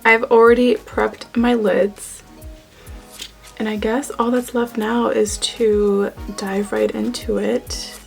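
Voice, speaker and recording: A young woman talks through a makeup look in a chatty, playful way, joking to herself as she goes. Her voice has a gravelly edge, and soft music plays underneath. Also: on the high side, little pitch movement, takes it slowly, low-quality recording. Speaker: beauty YouTuber. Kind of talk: casual makeup tutorial chat.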